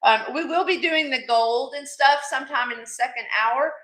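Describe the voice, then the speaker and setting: A woman's voice: high-pitched, moderate pace, fairly bright tone, roomy sound. A woman hosting a live jewelry sale stream, chatty and affectionate with her viewers, calling them sweetie. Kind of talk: live-stream selling chat.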